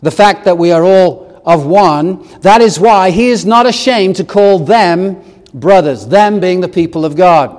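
A man's voice: high-pitched, measured pace, darkish tone, in a large hall. A man preaching a sermon, reading scripture aloud and explaining it verse by verse with touches of humor.

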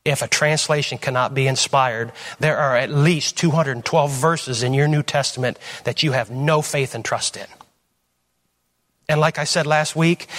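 Preacher with rhetorical questions. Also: male voice. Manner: conversational, rhetorical questions, jumps between loud emphasis and low asides. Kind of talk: sermon teaching. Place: church.

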